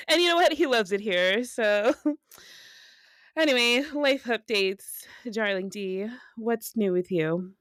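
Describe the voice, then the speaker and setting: Giggly animated woman podcast co-host. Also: a little high, slow pace, pauses often, no room sound. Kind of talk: casual chat.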